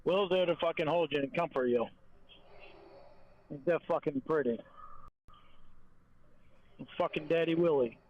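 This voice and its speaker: A jealous, possessive man snarls and swears through a call, played by an actor. The line is dull and muffled like a phone, and his voice sits somewhat high for a man. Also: unhurried, pauses often, slight background noise, close to an everyday voice. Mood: sneering. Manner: bitter, sneering and profane.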